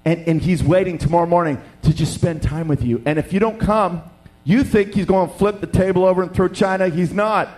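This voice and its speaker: A man's voice: high voice, brisk. A middle-aged man from Canada, a pastor telling a funny story in a sermon and acting out the voices of the people in it. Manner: animated, jokey, acts out dialogue.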